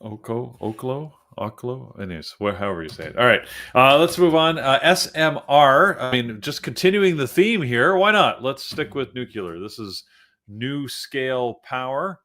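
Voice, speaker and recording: A man's voice: mid-range voice, normal speed. Man talking through stock charts. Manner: relaxed, thinking aloud with fillers. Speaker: trading show host. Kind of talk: live market commentary.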